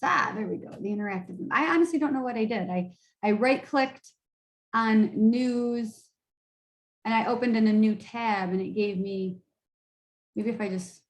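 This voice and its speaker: A woman's voice: on the high side, moderate pace. Tired, chatty woman lecturer in echoey room. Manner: chatty, loose, full of fillers and restarts. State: tired, yawning. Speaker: college instructor. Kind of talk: casual screen-share lecture.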